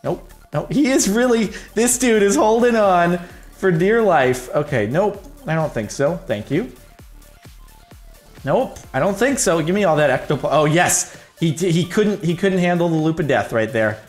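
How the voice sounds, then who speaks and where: A man's voice: high voice, animated, measured pace, soft background music. A man giving casual, jokey commentary on his own gameplay, rambling and laughing as he plays. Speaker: gaming video host.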